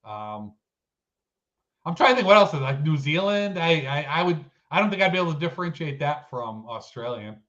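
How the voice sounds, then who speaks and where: Guy cohosting a chat show, kinda high voice, lots of "like" fillers, bit muffled lo-fi sound. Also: lively intonation, brisk. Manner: thinking out loud, many fillers. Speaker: co-host. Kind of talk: casual chat.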